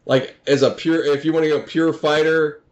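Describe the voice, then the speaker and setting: Rambling man, slightly high voice. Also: little pitch movement, moderate pace, highs cut off. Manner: rambling, many "you know" fillers, laughs often. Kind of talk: casual chat.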